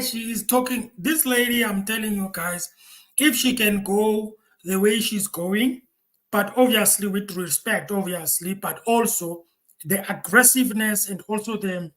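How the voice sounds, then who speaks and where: A man's voice: high-pitched, sharp tone, low-quality recording. A man hosting a reaction video, talking casually to viewers with many repeated words and restarts. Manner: repetitive, stammering restarts, chatty asides to viewers.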